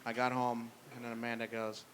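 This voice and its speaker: A man doing a stand-up comedy set in a brewery, blunt and profane with a deadpan delivery. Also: mid-range voice, fairly quick. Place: brewery venue with live audience. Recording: noisy live room.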